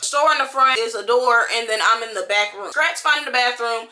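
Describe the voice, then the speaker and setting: A young woman vlogger tells a wild story in a quick, high, bright voice. She is pregnant and talks in a chatty, slang-heavy, animated way. Her delivery is energetic and casual throughout.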